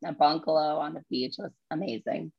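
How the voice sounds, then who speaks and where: A woman guest chatting casually and quickly, full of "like" and fillers. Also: low voice, gravelly, breathy edge, no room sound, highs cut off. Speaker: guest, studio owner. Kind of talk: casual chat.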